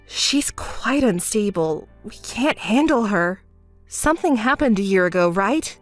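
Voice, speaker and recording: A woman narrating a texting story in a calm, dry, reproachful manner. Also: mid-range voice, unhurried, dry recording, faint music behind. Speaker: narrator voicing the calm friend.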